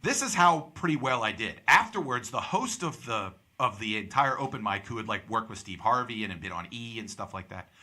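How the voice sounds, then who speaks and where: A man's voice: on the low side, expressive, fairly quick, few pauses, pushed and bright, breathy edge. A young man from Pittsburgh, hosting a podcast and telling a story in casual chat, acting out the people he quotes. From Pittsburgh, USA. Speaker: podcast host.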